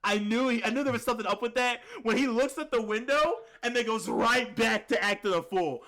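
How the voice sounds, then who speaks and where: A young man co-hosting a film review chat, rambling and slangy, saying "like" constantly and getting excitable. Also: very high voice. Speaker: podcast co-host reviewing a film. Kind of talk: casual chat.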